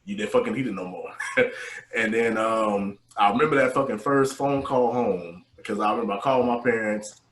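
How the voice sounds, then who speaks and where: A man co-hosting a casual podcast, telling profane boot camp stories and loudly acting out the voices of the people in them. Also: fairly low pitch, normal speed. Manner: profane, animated, acts out quotes loudly. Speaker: podcast co-host, navy veteran. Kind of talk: casual storytelling chat. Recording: echoey room.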